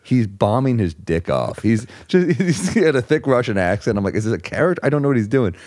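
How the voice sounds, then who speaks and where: A man, a stand-up comedian guest on a podcast, telling anecdotes in a dry, deadpan way. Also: medium pitch, brisk, dry recording. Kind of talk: casual chat. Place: podcast studio.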